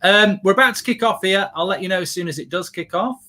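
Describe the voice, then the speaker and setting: An English man co-hosting a live football watchalong, talking in an animated, ranting way and swearing casually. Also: high voice, quick pace.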